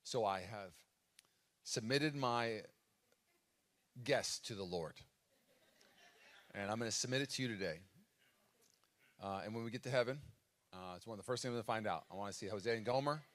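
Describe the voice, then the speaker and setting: A man's voice: fairly low pitch, normal speed, pauses often, a bit bright. A man preaching a sermon as pastor at a live church service, telling a story in a casual way with fillers.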